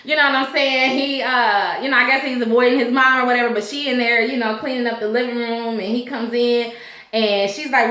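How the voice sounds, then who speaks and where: A bright, higher-voiced woman recaps a TV episode in a chatty, animated way, slipping into the characters' voices as she goes. Her speech is casual and loose, full of fillers and asides. She sounds like she's in an echoey room. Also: a little fast. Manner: animated retelling, acts out characters' lines. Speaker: TV recap vlogger.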